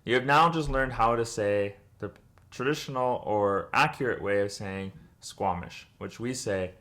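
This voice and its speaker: A man's voice: on the low side, measured pace, a bit bright. A young man teaching a word's pronunciation in a patient lesson, repeating each sound for the listener to copy. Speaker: language teacher.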